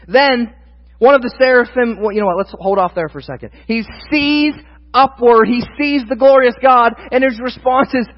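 A man's voice: extremely high pitch, normal speed. A male pastor preaching a sermon, candid and thinking aloud at times, then building to emphatic proclamation. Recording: dull sound with long hall reverb.

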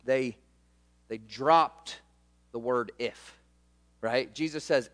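A man's voice: mid-range voice, slow, long pauses, long reverb tail. A male pastor preaching a sermon in a conversational, emphatic way, often repeating words and returning to short refrains.

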